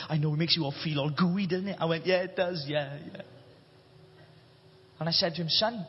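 A Welsh man preaching a sermon, impassioned, swinging between shouting and hushed delivery. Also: high-pitched, husky. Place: church hall. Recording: reverberant hall, dull lo-fi sound.

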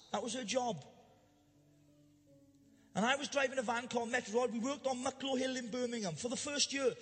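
A man preaching a humorous storytelling sermon to a church congregation, animated and jokey, building to loud emphatic bursts. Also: extremely high pitch. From Wales. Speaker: pastor. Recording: live church hall reverb.

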